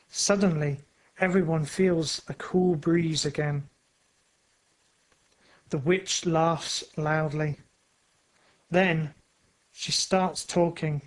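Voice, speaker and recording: A narrator reading a storybook aloud for language learners in a clear, carefully paced way. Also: mid-range voice, steady tone, drawn-out words, long pauses, rough recording.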